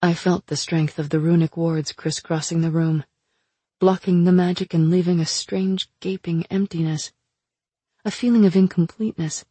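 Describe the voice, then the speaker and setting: A woman reading a first-person fantasy audiobook in an even, measured way. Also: sits low, husky, no echo. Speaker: narrator.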